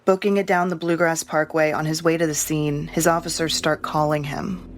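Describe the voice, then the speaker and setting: A woman reporter giving scripted narration for a podcast in an even, measured way. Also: sits low, a little hiss or hum.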